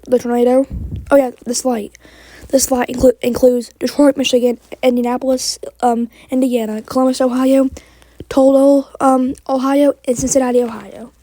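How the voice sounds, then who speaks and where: An amateur weather outlook presenter, a woman with a high-pitched, mellow voice, reads a forecast in a rush. She stumbles over place names and corrects herself, sounding frustrated.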